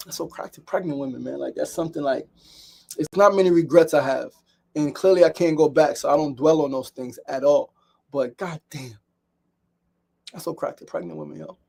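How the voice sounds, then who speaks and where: New man, gravelly and slightly high, candid repetitive storyteller hosting a solo daily talk. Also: fairly quick, mellow. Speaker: daily show host. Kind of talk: reflective solo monologue.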